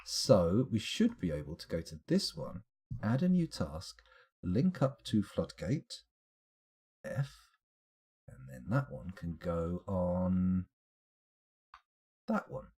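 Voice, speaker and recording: A low, slightly husky man talking his way through a live game stream. His pitch swings around a lot as he mutters at the menus and drifts into chat replies. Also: sing-song, slow, pauses often, warm tone. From United Kingdom. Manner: mutters to himself while clicking through menus, answers chat. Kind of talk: live gameplay commentary.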